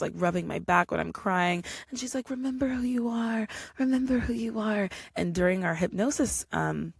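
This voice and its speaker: A young woman hosts her podcast alone, spinning a personal story in a chatty, animated way. Her voice sits low with a gravelly fry. The sound is dry and close, with no room around it. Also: dry recording. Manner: chatty, animated, acts out quotes. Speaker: podcast host. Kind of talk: casual solo podcast storytelling.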